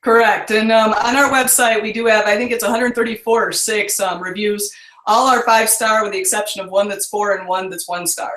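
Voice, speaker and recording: A woman's voice: medium pitch, fairly even intonation, brisk, a bit bright. A woman guest in a casual interview, chatty and bubbly, laughing easily, on a video call. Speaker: guest business owner. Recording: roomy echo.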